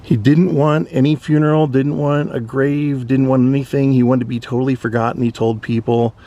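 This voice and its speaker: Male vlogger, mid pitch, conversational, casual retelling. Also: little pitch movement, fairly quick, dark tone, no room sound. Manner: conversational, recounting. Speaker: vlog host. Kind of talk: casual narration.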